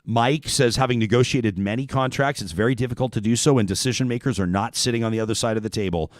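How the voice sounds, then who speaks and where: A man's voice: mid-range voice, fast, no echo. A man hosts a casual talk show, reading viewer comments aloud and riffing on them with playful asides. His voice sits in an ordinary middle register. The studio sound is dry and close. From Canada. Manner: joking, reads listener comments aloud.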